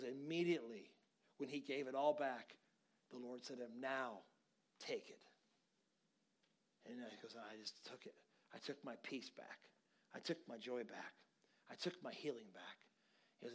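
A man preaching a sermon, telling a story conversationally and building to emphatic encouragement. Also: medium pitch. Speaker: pastor.

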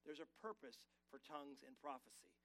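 A man's voice: medium pitch, brisk, a bit bright, poor audio. A man preaching a sermon to his church, urging the congregation to respond and reading scripture aloud. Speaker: pastor. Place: church sanctuary.

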